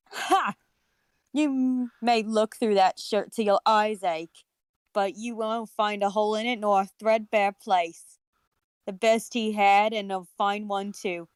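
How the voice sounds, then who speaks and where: Brazen old charwoman with a wobbly Cockney accent, smooth clear voice, dry sound, as a woman puts her on. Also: mid-range voice, no room sound, natural voice. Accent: put-on Cockney drifting toward Australian. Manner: gleeful, cool and brazen. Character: coarse older Cockney charwoman selling a dead man's things.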